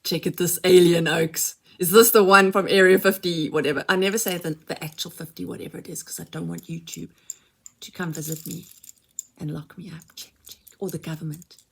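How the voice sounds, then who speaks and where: A woman's voice: fairly low pitch, steady tone, brisk, gravelly, slightly rough. A mother chatting casually as she unboxes a shopping haul, gushing and exclaiming over each item.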